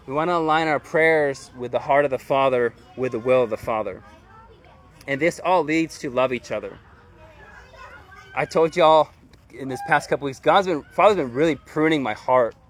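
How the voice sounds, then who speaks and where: A man's voice: medium pitch, a bit bright. A man preaching a sermon as pastor, earnest and conversational, with casual slang.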